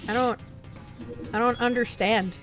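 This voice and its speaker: A woman's voice: on the high side, unhurried, faint music behind. A young woman streaming a game, chatting casually and swearing as she jokes with her chat. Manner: animated, swearing, joking with chat, frequent laughs.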